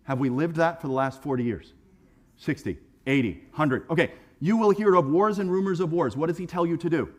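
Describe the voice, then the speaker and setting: A man preaching in a church, talking in a relaxed and lively way and slipping into acted-out voices. His voice sits a little high for a man. He often repeats a word before he gets a phrase going. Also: brisk. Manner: conversational, animated preaching with acted-out quotes; repeats words when starting phrases. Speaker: pastor. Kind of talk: sermon. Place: church sanctuary.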